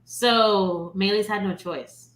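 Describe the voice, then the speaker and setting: A woman guest in a casual review chat, explaining things in a relaxed way. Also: medium pitch, slow, echoey room. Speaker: guest co-host.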